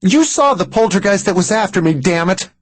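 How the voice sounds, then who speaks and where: Man voicing a shrill, frightened psychic woman. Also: huge pitch swings, slow, gravelly, husky, dry recording, full character voice. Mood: pleading. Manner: pitch jumps high and loud when pleading.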